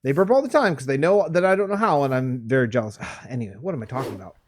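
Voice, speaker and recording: A man's voice: mid-range voice, expressive, racing, a little mellow. A man hosting a gameplay series, rambling and thinking aloud as he builds, often restarting his sentences. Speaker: let's play host. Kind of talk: casual gameplay commentary.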